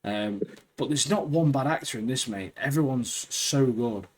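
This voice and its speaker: A man's voice: medium pitch, moderate pace. A man co-hosting a podcast in casual chat, often calling his friend "mate". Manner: chatty, says "mate" a lot. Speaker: podcast co-host.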